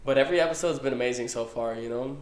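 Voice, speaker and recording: A young man co-hosting a podcast, chatting casually and excitedly, swearing and saying "bro" constantly. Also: mid-range voice, rapid-fire. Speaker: podcast co-host. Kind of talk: casual chat. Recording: echoey room.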